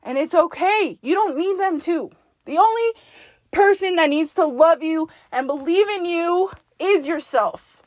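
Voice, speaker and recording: High-voiced woman, blunt and profane, coaching herself in a dry, close recording. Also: expressive, unhurried, no echo. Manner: talks to herself in second person. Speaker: podcast host. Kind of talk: self-directed pep talk monologue.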